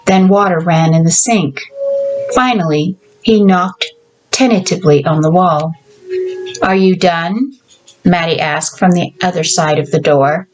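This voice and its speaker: A woman author reading her own story aloud in a measured, deliberate narration. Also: deep voice, faint music behind, low-quality recording.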